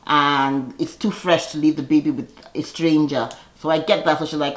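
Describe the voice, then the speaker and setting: A woman's voice: sits low, steady tone, normal speed, echoey room. A woman casually recapping a reality TV episode, chatty and sassy, laughing often and acting out quoted lines.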